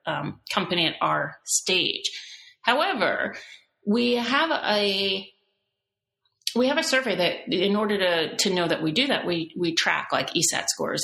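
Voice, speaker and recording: Woman CEO guest, middle-aged, gravelly low voice, echoey room. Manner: animated, frequent restarts, laughs between points. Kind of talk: business podcast interview.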